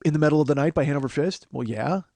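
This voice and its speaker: A man's voice: a little high, rapid-fire, vocal fry, darkish tone, dry recording. Rambling, swearing man in his forties. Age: 40s. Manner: rambling, self-mocking, swears freely. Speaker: podcast host. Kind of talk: casual comedic podcast chat.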